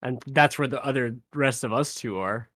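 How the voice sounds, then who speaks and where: A man playing in a tabletop game, animated and jokey, swearing freely. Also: mid-range voice, normal speed, no room sound. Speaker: player. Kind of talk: casual chat among players.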